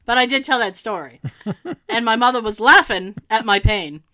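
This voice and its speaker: A woman co-hosting a podcast, telling a funny story in animated casual chat and laughing often. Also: on the high side, moderate pace. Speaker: podcast co-host.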